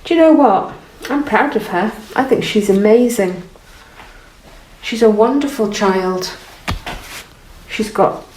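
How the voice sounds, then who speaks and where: Slow, soft-spoken woman teaching painting. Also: medium pitch. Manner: soft, encouraging, thinking aloud. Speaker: art teacher. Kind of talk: gentle painting tutorial while working. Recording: roomy, from off the mic, faint noise.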